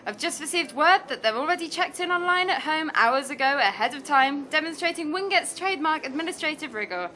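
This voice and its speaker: Bright, dry-voiced female comedy presenter. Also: high voice, expressive, fairly quick, few pauses, slight background noise. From England. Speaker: radio presenter. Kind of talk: scripted sketch comedy.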